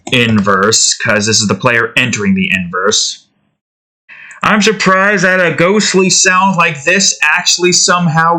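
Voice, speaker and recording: A man's voice: a little high, bright, forceful tone. A man casually talking to himself as he tweaks sound effects for a game he's making, rambling and cutting himself off. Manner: rambling, self-interrupting, chuckling to himself. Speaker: game developer vlogger. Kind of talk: casual thinking-aloud commentary while editing sounds.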